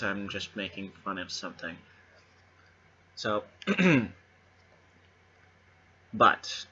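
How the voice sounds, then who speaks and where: A man's voice: fairly low pitch, sharp tone, muffled recording. A man hosting his own channel, delivering a sarcastic, emphatic monologue straight to the camera. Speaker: channel host.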